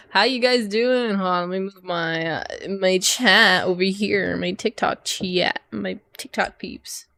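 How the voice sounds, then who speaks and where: A woman's voice: medium pitch, slow, gravelly, fairly bright tone, no echo, studio quality. A young woman streamer casually chatting and swearing with her chat while she does a craft, her voice sometimes fading as she turns from the mic. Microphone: desk microphone, voice drops when she turns away.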